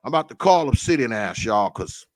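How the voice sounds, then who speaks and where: Animated man shouting out his livestream chat. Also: mid-range voice, brisk, dry recording, studio quality. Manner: profane, laughing, shouting out viewers by name. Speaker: livestream host.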